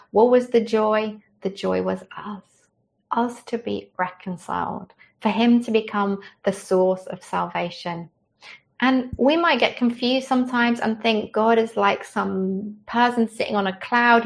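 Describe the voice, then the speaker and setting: A woman preaching a sermon with a gravelly rasp in her voice. She speaks in a mid-range pitch, earnest and conversational, and gentle in manner. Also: a little slow.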